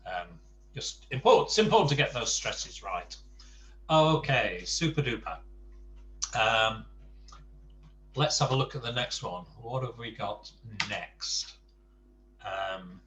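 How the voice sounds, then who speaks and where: A man's voice: mid-range voice, lively intonation, takes it slowly, long pauses, a bit bright, muffled recording. A man teaching an online Spanish class by video call, patient and jokey, with many fillers. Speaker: Spanish tutor.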